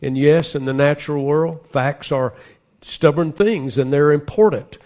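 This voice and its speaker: Earnest man preaching, a bit high-pitched. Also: a little slow, a little mellow. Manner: earnest preaching, reads scripture aloud with rising emphasis. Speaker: pastor. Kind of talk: sermon.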